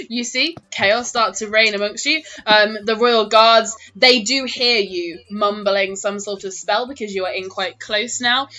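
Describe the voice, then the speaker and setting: A woman's voice: mid-range voice, sharp tone. A woman narrating as dungeon master of a tabletop game, laughing often as she talks.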